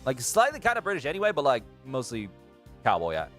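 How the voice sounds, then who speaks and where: A man comments on a game he's playing in a loose, cursing ramble. His pitch swings widely, and faint game music plays behind him. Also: quick pace. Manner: animated, profane, rambling. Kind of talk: casual let's-play commentary.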